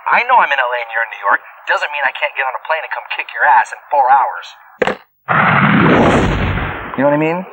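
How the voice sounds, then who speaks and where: A man's voice: mid-range voice, expressive, fairly quick, long pauses, bright, forceful tone, highs cut off, slight background noise. A man, the show's creator, rambling and joking in a casual documentary interview. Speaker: show creator.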